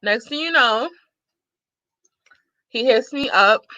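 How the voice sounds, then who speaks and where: Sassy, bright-voiced woman in her thirties. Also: on the high side, slow, dry recording, muffled recording. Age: 30s. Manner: sassy, animated, laughs often. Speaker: vlogger. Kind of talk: casual storytelling to viewers.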